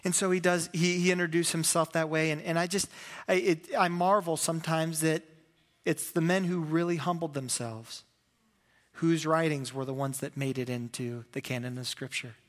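A man's voice: a little high, normal speed, long reverb tail. A man preaching a sermon as pastor, telling stories with acted-out quotes and a self-deprecating humor. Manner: animated storytelling with acted-out quotes.

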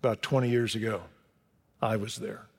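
A man's voice: fairly low pitch, fairly even intonation, normal speed, gravelly, long reverb tail. A man preaching a sermon, telling stories expressively and rising to emphatic peaks. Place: church sanctuary.

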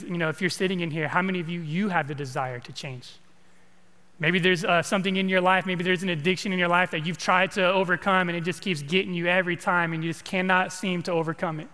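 High, bright-voiced man preaching in a hall. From California. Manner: conversational, repeats words, asks the congregation questions. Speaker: pastor. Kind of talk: sermon.

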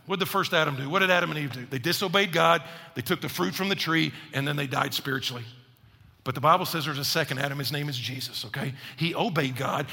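A man preaches to his congregation with a gravelly, husky edge and a bright, forceful tone. He talks in an animated, chatty way with playful asides. His voice rings out with a long hall reverb. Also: a little high. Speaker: pastor. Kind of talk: sermon.

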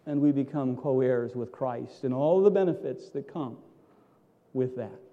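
A male pastor preaching a sermon, emphatic and theatrical, swinging from loud to hushed. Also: medium pitch, a little slow, big-room sound, dull audio.

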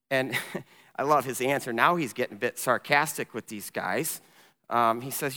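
A man preaching a sermon, telling a story with animated delivery and voicing the people in it. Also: mid-range voice, moderate pace. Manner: animated storytelling, voicing characters in dramatic retelling. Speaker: pastor. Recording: long reverb in a large hall.

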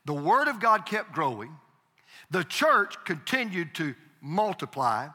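Emphatic high-voiced preacher in a hall. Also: male voice, sing-song, a little slow, pushed and bright, slightly rough. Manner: emphatic, repeats phrases, calls for congregation response. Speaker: pastor. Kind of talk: sermon. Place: church sanctuary. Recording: reverberant hall.

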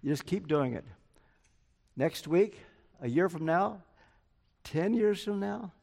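An older man preaches with a fairly high voice, telling a story and slipping into the quoted words of its people. His voice carries a long reverb, as if in a church sanctuary. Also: lively intonation, slow, gravelly, darkish tone. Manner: storytelling, acts out quoted dialogue. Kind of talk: sermon.

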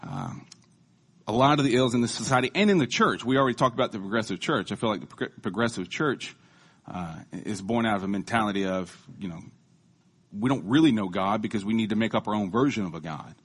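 Husky, joking man preaching. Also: fairly low pitch, sing-song, a little fast, fairly bright tone. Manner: conversational, joking, self-deprecating. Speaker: lay preacher. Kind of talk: casual sermon.

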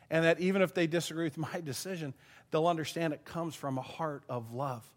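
A man's voice: a little high, normal speed. Earnest emotional man preaching. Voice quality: voice goes thin and quiet when choked up. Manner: earnest, emotional, given to laughing and choking up. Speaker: pastor. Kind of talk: sermon.

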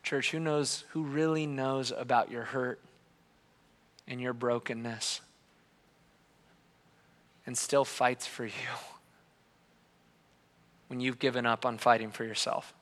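A man in his thirties preaching a sermon as a pastor, telling his story passionately, dropping quiet and then rising loud. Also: medium pitch, little pitch movement, takes it slowly, pauses often, in a large hall. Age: 30s. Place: church hall.

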